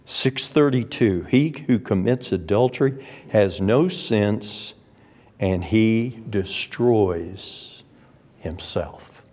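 A man's voice: fairly low pitch, very slow, dark tone. A man teaching a Sunday school Bible class, emphatic, repeating his points and quoting scripture. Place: church classroom. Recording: long church reverb.

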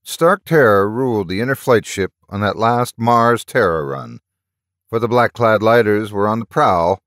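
A man with a very low voice reads a story aloud in a measured, dramatic way. The sound is close and completely dry, with no room echo at all. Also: a bit bright. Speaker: narrator. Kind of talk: scripted story narration.

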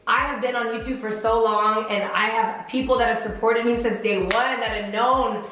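A woman's voice: a little high, steady tone, moderate pace, fairly bright tone. Young woman vlogging, all teary and giggly, super echoey room. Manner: emotional, laughing through tears. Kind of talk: casual chat to camera. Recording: echoey room with music behind.

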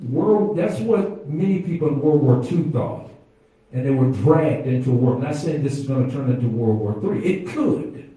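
A pastor preaching a sermon, calling out to the congregation and swinging from quiet asides to loud exclamations. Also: male voice, medium pitch, expressive, normal speed. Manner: preaching with call-and-response to the congregation. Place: church sanctuary. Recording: echoey church from far off.

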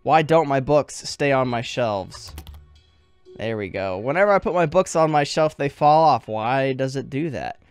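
Smooth-voiced jokey man gaming. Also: medium pitch, animated, measured pace, dry recording, soft background music. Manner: jokey, joking asides and laughter. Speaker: gaming video creator. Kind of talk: playing a game and reading its text aloud.

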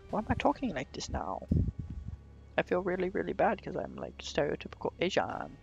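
A man's voice: sits high, wildly swooping pitch, brisk, gravelly, over music. A man giving goofy, rambling commentary over a game he is playing, full of jokey asides. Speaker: let's play gamer. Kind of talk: casual gameplay commentary. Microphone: desktop microphone.

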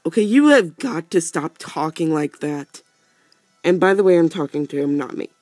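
A man's voice: a little high, expressive, normal speed, darkish tone, dry recording, faint music behind. A man hosting a let's play, giving casual commentary and teasing the game's characters.

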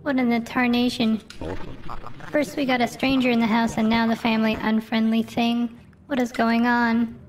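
A woman's voice: fairly high pitch, little pitch movement, normal speed, recorded from a distance, faint music behind, lightly acted. A woman voicing a flustered, folksy game character hosting a housewarming party. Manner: exclaiming, folksy.

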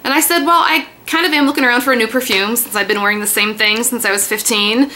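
A woman in her thirties chatting excitedly about a mail haul in a casual vlog. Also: fairly high pitch, fast talker, slight background noise. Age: 30s. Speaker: beauty vlogger. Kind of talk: casual haul video chat.

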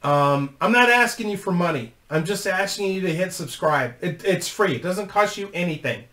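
A man's voice: high voice, animated, normal speed, pushed and bright, roomy sound. A man hosting his own channel, telling a casual story to camera in a rambling, profane way and laughing through it. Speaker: YouTube host.

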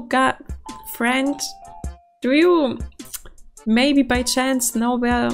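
A young woman from Germany, commenting casually on a game she is playing, excitable and quick to swear and laugh. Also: on the high side, faint music behind. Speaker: streamer.

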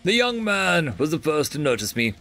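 A man's voice: on the high side, very animated, normal speed, creaky, bright, forceful tone, soft background music. A man reading science fiction stories aloud as the channel's narrator. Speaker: story narrator. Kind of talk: scripted storytelling.

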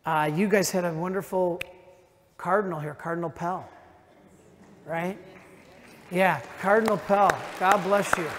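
A man preaching as a priest at a retreat in a large church, emphatic and slowing down for his key lines. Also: sits high, fairly even intonation, a bit bright, some chatter behind, a little hiss or hum. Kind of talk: sermon at a parish retreat. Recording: long reverb of a church hall.

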